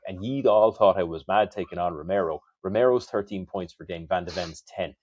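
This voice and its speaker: Man, podcast co-host, lowish voice, dry sound, brisk, teasing. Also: darkish tone, no echo, dull audio. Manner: brisk rundowns with teasing banter. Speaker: fantasy football podcast co-host. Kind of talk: casual podcast chat.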